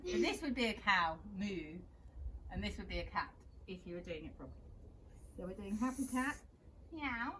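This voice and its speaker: A young woman, gently guiding children through a yoga class with steady encouragement. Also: mid-range voice, fast, slight background noise. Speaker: kids yoga teacher.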